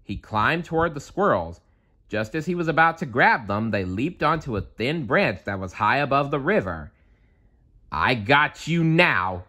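A man reading a children's bedtime story aloud in a calm, measured way. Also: medium pitch. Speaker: storybook reader.

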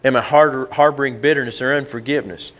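A middle-aged man preaching a sermon as pastor, folksy and conversational, rising in pitch for emphasis. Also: fairly even intonation, fast, fairly bright tone.

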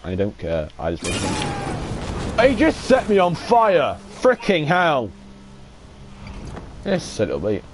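A young man giving excitable, sweary live commentary while playing a shooter game. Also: a little high, slow pace, pauses often, background noise. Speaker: gaming streamer.

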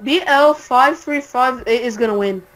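A young woman chatting while playing a video game, excitable and trash-talking, stammering when flustered. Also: high voice, normal speed, low-quality recording. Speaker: gamer. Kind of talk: casual gaming chat.

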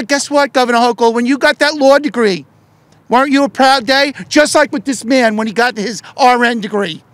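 In a dry recording, a very high-voiced middle-aged politician who also leads a union gives a fiery speech at a press event. He shouts with fervor and keeps hurling rhetorical questions.

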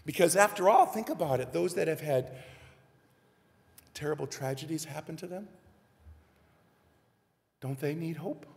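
A man's voice: on the high side, normal speed, creaky, pauses often. A man preaching a sermon as minister, speaking earnestly and addressing the congregation directly, recorded in a church sanctuary. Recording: reverberant church live stream.

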